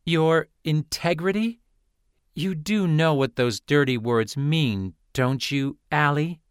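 A man's voice: a little high, slow pace, clear, resonant tone, dry recording, clean studio sound, voice pushed up. A man voicing a fiery, snide young female student in an audiobook. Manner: snide, combative.

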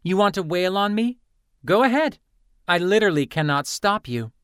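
A man's voice: high voice, expressive, normal speed, a bit bright, smooth, no room sound, studio quality, pitched above the performer's own voice. A man voicing a condescending, cutting young female student in an audiobook.

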